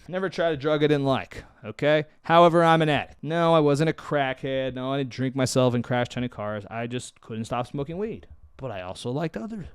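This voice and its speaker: A man talking openly to camera in a vlog, candid and self-deprecating, moving between loud emphasis and quiet asides. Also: mid-range voice, smooth, dry recording. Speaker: mental health vlogger.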